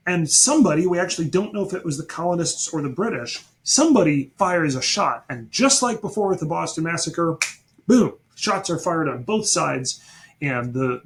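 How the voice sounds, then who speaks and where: A male teacher giving a history lesson in a lively, storytelling way. His voice sits a little high and rises and falls widely as he talks. He turns to the class with quick asides.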